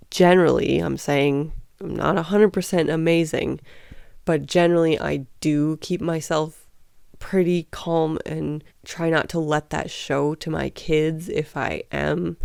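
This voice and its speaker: Chatty woman vlogger with gravelly edge. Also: low-pitched, a little mellow, dry recording, clean studio sound. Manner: chatty, candid, with frequent fillers and laughs. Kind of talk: casual personal storytelling.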